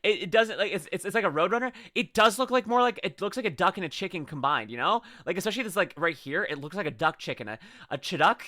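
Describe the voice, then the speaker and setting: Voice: medium pitch, lively intonation, sharp tone, no echo, studio quality. A streamer rambling goofily and riffing while reacting to videos in casual live chat. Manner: goofy, rambling, quick to laugh and riff.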